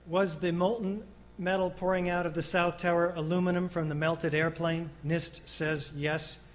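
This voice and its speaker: A man's voice: high voice, little pitch movement, moderate pace, low-quality recording. A man presenting technical evidence in a documentary lecture, earnest and explanatory, with occasional fillers and rhetorical questions.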